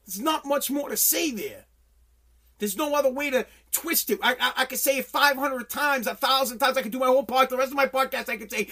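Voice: high-pitched, animated, normal speed, sharp tone. A podcast host in an angry political rant, swearing constantly, hammering the same phrases over and over and stumbling over restarts when worked up. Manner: profane, heated, repeats phrases for emphasis.

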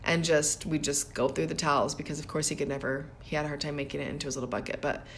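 A woman's voice: deep voice, steady tone, fast, a bit bright. A woman in her thirties co-hosting a casual podcast chat. She tells personal stories reflectively and laughs often. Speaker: podcast co-host.

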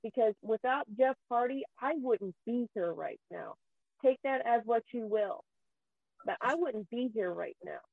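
Fired-up woman cussing through a rant, kinda high voice, sounds like over a phone. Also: animated, measured pace, gravelly, no room sound, narrow, tinny audio. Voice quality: profane, heated, voice near tears. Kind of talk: angry emotional rant.

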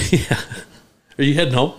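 A man's voice: mid-range voice, normal speed. A man on a casual podcast chat, chiming in with short joking remarks.

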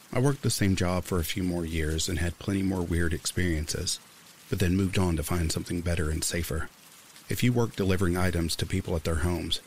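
A man narrating creepy true stories in a calm, steady storytelling manner. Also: deep voice, slight background noise.

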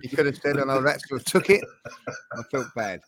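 With a crowd audible behind him, a man of medium pitch talks fairly quickly as co-host of a football podcast. He chats casually and tells stories animatedly, often stammering and restarting.

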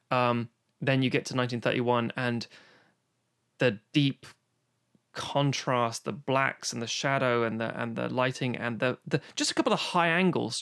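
A man's voice: medium pitch, fairly bright tone. A man co-hosting a podcast, chatting casually and enthusiastically about an old film, swearing freely and rambling with restarts. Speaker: podcast co-host. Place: home, recorded remotely during lockdown.

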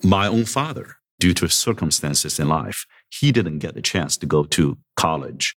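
A man's voice: a bass voice, expressive, measured pace, fairly bright tone. A middle-aged man, a university president, talking in a podcast interview, good-humored and self-deprecating, with chuckles between remarks. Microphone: podcast microphone.

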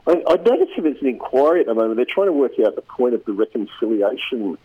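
A man chatting casually as a regular radio commentator, talking in a rambling, halting way with many restarts. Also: medium pitch, very animated, narrow, tinny audio, a little hiss or hum.

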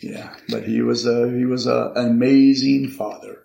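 Older male guest, gravelly voice, halting reflective delivery, echoey room. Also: mid-range voice, steady tone, warm tone. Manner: halting and reflective, often repeating words. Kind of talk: conversational interview. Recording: roomy echo.

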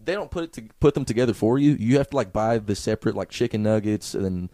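A man's voice: lowish voice, lively intonation, quick pace, warm tone, no room sound, clean studio sound. A young man co-hosting a comedy podcast, swearing and riffing in loose, crude banter. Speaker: podcast co-host.

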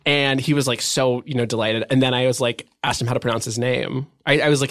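A man's voice: medium pitch, fairly even intonation, quick pace, a bit bright, dry recording, clean studio sound. A young man on a podcast as a guest, telling stories in a rambling, chatty way full of fillers. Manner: rambling, filler-heavy storytelling with many "like"s. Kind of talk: casual chat.

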